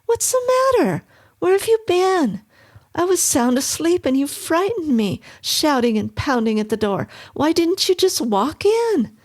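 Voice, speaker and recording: A woman's voice: sing-song, a little slow, a little mellow. A woman voicing a young wife in a horror story, bewildered and defensive, firing off indignant questions. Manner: high, exclaiming, indignant questions.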